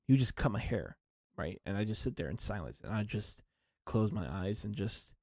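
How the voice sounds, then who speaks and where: Young man, casual solo podcast, lots of ums and restarts, very lively intonation, dry close sound. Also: fairly low pitch, no echo. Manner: rambling, self-deprecating, many fillers and restarts. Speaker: podcast host.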